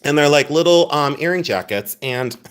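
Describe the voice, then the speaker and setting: A man's voice: a little high, lively intonation, moderate pace, smooth. Giggly, joking man selling jewelry live. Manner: joking, giggly and self-mocking; chatty, talks straight to viewers. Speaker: livestream jewelry seller. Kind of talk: live sales stream chat.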